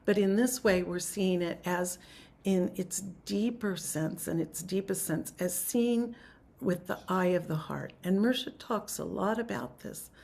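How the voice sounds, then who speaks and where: A woman leading a spiritual class on a video call, teaching in a soft, reflective, unhurried way and guiding a chant. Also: mid-range voice, gravelly.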